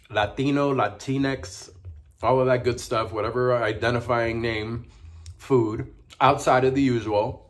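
A man talking casually while eating on his food vlog, savoring each bite with frequent pleased murmurs. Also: mid-range voice. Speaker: mukbang vlogger.

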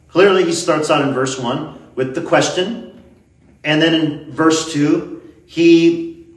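Emphatic preacher man in an echoey church. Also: a little high. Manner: emphatic, slows down to stress key words. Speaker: pastor. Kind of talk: expository sermon. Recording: echoey church hall, mic at a distance.

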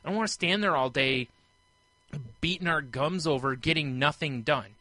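A man co-hosting a casual podcast, telling animated stories and acting out the voices of the people he quotes. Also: on the high side, moderate pace, no echo. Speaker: podcast co-host. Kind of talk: casual chat.

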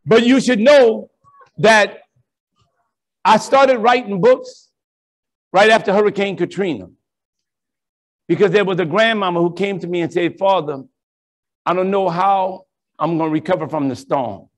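A high-pitched man, a priest telling stories from the stage. He swings between bright, punchy lines and low, slow punchlines, acting out every quoted voice. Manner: animated, preacherly storytelling with acted-out quotes. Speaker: priest and keynote speaker. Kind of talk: storytelling conference keynote. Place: large conference ballroom.

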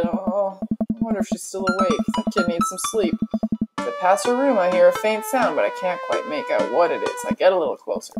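Woman, mid-range voice, reading game dialogue over clear background music with dry sarcastic asides. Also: mid-range voice, low-quality recording. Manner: sarcastic, self-mocking ad-libs. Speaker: let's player.

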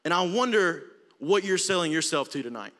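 A young man preaching with an Alabama drawl, his voice sitting high and sounding bright and forceful. He delivers a passionate sermon that swells from hushed moments to near-shouting. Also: lively intonation, a little fast. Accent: Southern US, Alabama. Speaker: youth preacher.

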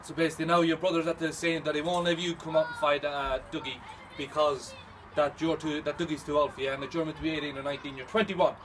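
Halting nineteen-year-old man with street noise. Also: a little high, flat delivery. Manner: halting, plain. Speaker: challenger. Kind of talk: spoken challenge.

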